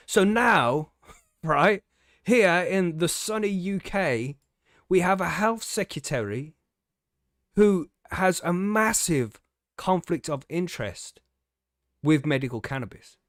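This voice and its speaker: A man's voice: on the high side, big pitch swings, moderate pace, no echo, clean studio sound. A man hosting a podcast, reading an article aloud and ranting about it with sarcastic, sweary indignation. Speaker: podcast host. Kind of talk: casual ranting commentary.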